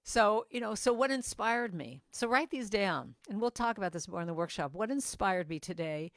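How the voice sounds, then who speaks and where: A woman's voice: mid-range voice, animated, normal speed, fairly bright tone, no room sound, studio quality. A woman giving an earnest, chatty inspirational morning message as guest speaker, talking over a video call.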